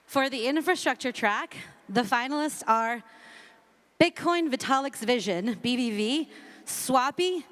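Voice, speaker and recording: A woman's voice: sits high, expressive, a little slow, a bit bright. A woman hosting a ceremony on a conference stage, announcing finalists in an upbeat way with fillers between names. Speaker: ceremony host. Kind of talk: announcing winners at a live event. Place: large conference hall stage. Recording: reverberant large hall.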